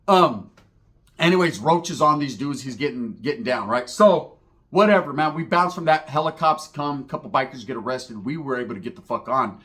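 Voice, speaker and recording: A man's voice: medium pitch, fairly quick. A man telling a profane comedic street story, acting out the voices of the people in it. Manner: animated, profane, slangy, acts out voices in the story.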